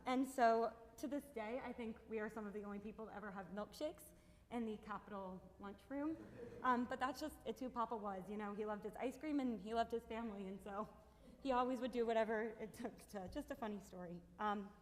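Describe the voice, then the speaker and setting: Young woman, brighter pitch, casual amused eulogy, reverberant hall. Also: fairly quick. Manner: chatty, amused, filler-heavy storytelling. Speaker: grandchild giving a eulogy. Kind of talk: memorial speech. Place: temple sanctuary. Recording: long hall reverb, faint hiss.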